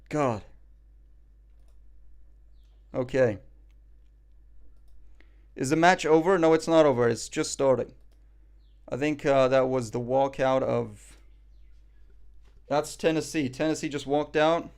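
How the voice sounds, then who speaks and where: A man's voice: medium pitch, moderate pace, creaky, pauses often, darkish tone. A man streaming live, reacting in casual chat; cocky, joking, profane and rambling.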